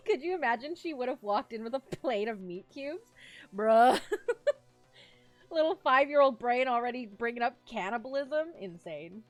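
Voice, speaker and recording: Giggly young woman streamer, high voice. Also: unhurried, faint music behind. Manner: giggly, animated, rambling storyteller. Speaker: vtuber streamer. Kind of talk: casual chat with live chat, telling a story.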